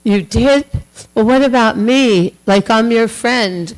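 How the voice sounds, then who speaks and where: A woman's voice: on the high side, slow pace, voice pushed up, poor audio. A woman voicing a male god who insistently wheedles for a share of blessed food. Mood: wheedling. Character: greedy, pushy male god, demanding a share.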